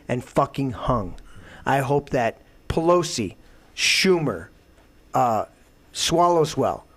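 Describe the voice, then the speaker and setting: A man hosting a talk show, delivering a heated, profane political rant that swings into loud outbursts. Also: mid-range voice. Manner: profane, emphatic, swings to shouting. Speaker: show host.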